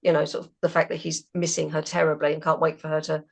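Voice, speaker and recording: Woman, band singer, slightly low voice, chatty and easygoing. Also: flat delivery, fast talker, creaky. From England. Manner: chatty, laughs between thoughts, many fillers. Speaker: band member. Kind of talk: casual interview chat.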